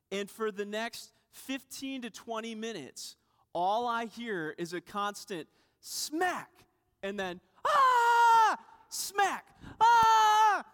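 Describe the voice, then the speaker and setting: Thirties male pastor, lively story-driven sermon with wry humor; higher-pitched voice ringing in a reverberant sanctuary. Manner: animated storyteller, self-deprecating humor, acts out voices. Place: church sanctuary. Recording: reverberant church hall.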